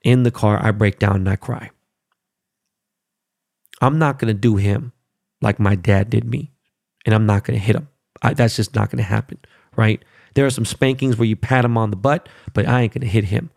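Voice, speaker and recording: A gravelly man in his thirties who talks straight to viewers in a heated, rambling way, swearing and circling back on his points. The sound is dry and close, with no room around his voice. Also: lowish voice, steady tone, moderate pace, long pauses, a little mellow, dry recording. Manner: heated, swears, repeats himself. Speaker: father telling a story. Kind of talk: casual monologue to viewers.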